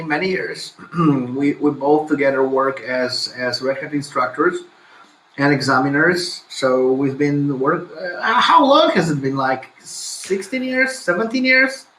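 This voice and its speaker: A man in his forties talks as a guest in a casual interview, dropping dry jokes as he goes. His voice is bright and forceful and sits a little high. It comes through from an echoey room with faint noise behind him. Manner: wry, joking. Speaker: guest, instructor.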